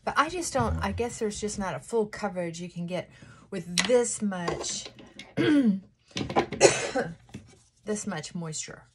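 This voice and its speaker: A woman's voice: mid-range voice, expressive, a little slow, background noise. A woman vlogger in a casual get-ready-with-me chat at home, rambling and cutting herself off, with frequent laughs and sighs as she does her makeup. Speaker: lifestyle vlogger.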